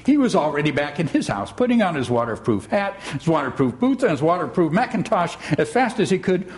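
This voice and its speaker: Male storyteller, slightly high voice, very animated, slow and expressive retelling. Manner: expressive, musing, unhurried. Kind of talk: retelling a children's story aloud.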